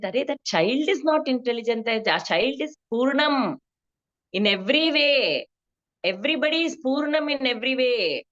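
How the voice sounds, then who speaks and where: A woman's voice: on the high side, fairly bright tone, dull audio. A woman leading a scripture study class over a video call, explaining patiently and tagging her points with "no?". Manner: explanatory, tags questions with "no?". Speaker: study group teacher.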